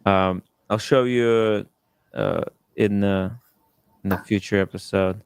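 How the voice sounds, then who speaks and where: A man's voice: on the low side, fairly even intonation, slow pace, smooth, no room sound, studio quality. A man hosting a livestream, chatting casually with many fillers and repeated words. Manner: fillers and repeated words, reads super chats aloud. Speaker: host of a watch livestream.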